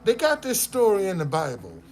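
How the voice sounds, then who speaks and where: A man's voice: high-pitched, huge pitch swings, normal speed, faint music behind. A man giving a personal testimony to an audience, with casual slangy speech and stammering restarts as he tells his story. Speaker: motivational speaker.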